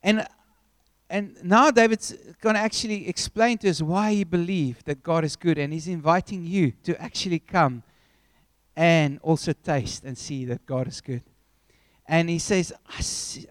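A man preaching a sermon, telling a story with animated, acted-out scenes. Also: high voice, measured pace, dry recording.

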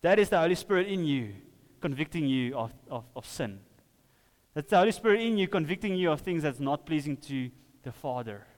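A man's voice: fairly high pitch, lively intonation, fairly quick, long reverb tail. A man preaching a sermon in a casual, conversational way, often acting out what people said.

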